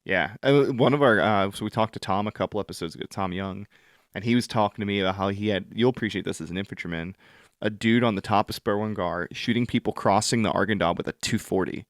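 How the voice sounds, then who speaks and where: Man, podcast host, low voice, dry sound, blunt, profane. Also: fast talker, dry recording. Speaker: podcast host, army veteran. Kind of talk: casual conversation.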